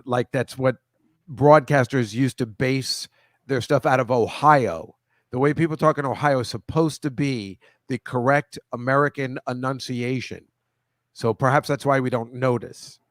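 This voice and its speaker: A man's voice: medium pitch, moderate pace, dry recording, studio quality. Rambling, chatty male host. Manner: rambling, self-correcting, chatty. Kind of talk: casual video-call chat.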